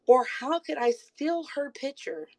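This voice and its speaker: A woman live streaming, confronting someone with rapid, repeated pointed questions while insisting she is calm. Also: high voice, rough recording. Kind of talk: livestream call-out rant. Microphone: phone.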